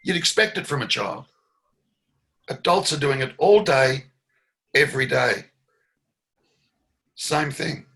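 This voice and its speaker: Aussie guy leading satsang, bright sharp voice, chuckles a lot, leans hard on the point. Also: medium pitch, slow, vocal fry, pauses often. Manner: reflective, laughs often, emphatic when pressing a point. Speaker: spiritual teacher. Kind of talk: satsang dialogue.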